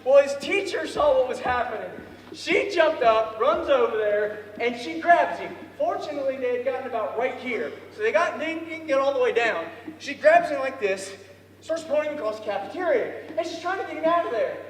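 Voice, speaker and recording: A man telling a lively story to an audience, acting out voices and often laughing. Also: extremely high pitch, normal speed, a little hiss or hum. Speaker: storyteller speaker. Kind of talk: storytelling speech. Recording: echoey hall from far off.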